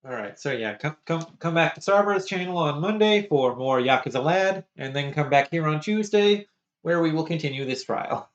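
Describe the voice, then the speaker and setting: A man's voice: fairly high pitch, expressive, moderate pace, muffled recording. A man chatting on a game stream, dry and teasing, stumbling through a sign-off. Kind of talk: casual game stream chat. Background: music.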